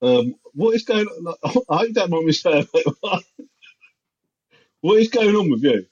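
A man doing a short stocky gym bloke who is laid-back and quick to defend himself. His voice is a little husky, and the recording sounds dull and lo-fi. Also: high-pitched, expressive, darkish tone, pitched above the performer's own voice. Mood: puzzled.

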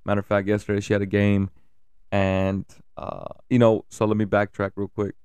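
A father in his thirties gives casual family updates to camera at normal speed, his low, gravelly voice staying fairly flat. His tone is dark and smooth as he speaks candidly, swears freely, and pauses for fillers. The sound is dry and close, with no room echo.

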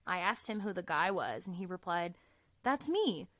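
A woman's voice: on the low side, brisk, sharp tone, no echo. A woman hosting a casual podcast, reading listener stories aloud, laughing often and swearing freely.

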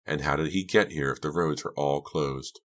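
A man's voice: rumbling low, moderate pace. A man voicing a thoughtful teenage boy who reasons things out and soothes others, in an audiobook.

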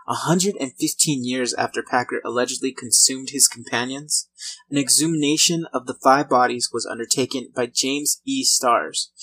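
A man narrates a true-crime history in a relaxed, conversational read at a mid-range pitch. He stumbles now and then and corrects himself, keeping an informal, unpolished delivery. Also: slightly rough, rough recording. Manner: conversational reading with light laughs and small restarts.

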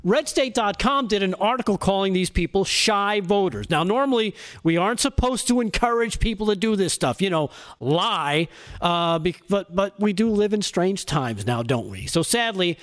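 A man's voice: high-pitched, animated, normal speed, fairly bright tone. A man giving opinionated talk show commentary in a sarcastic tone, often laughing at his own jokes. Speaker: segment contributor on a talk show.

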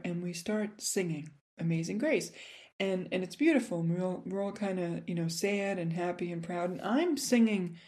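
A woman's voice: on the low side, warm tone. A middle-aged woman with a slightly nasal voice, hosting a podcast in a rambling, self-deprecating chat. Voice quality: a little nasal. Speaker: podcast host. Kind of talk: casual chat.

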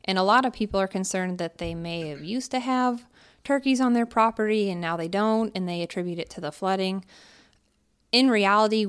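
A woman in her thirties from Pennsylvania, a wildlife biologist, explaining things in a relaxed podcast chat. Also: fairly low pitch, clean tone. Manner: relaxed, explanatory, laughs easily. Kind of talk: casual podcast interview. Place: house in Baton Rouge.

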